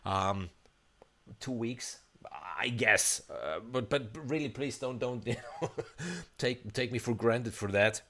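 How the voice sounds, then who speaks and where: A man's voice: mid-range voice, slow, fairly bright tone. A man composer live-streaming a walkthrough of a sample library, talking in a chatty, enthusiastic way with frequent restarts. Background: faint instrument demos playing.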